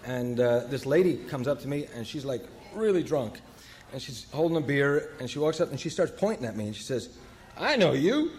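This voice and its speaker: At a recovery meeting, a man with a medium pitch and a darkish tone tells a story haltingly. His speech is full of fillers and self-corrections, laced with wry, self-deprecating humor.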